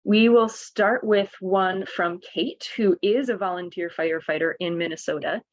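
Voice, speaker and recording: A woman's voice: mid-range voice, normal speed, muffled recording. A woman moderating the questions of a webinar over a video call, friendly and lightly joking.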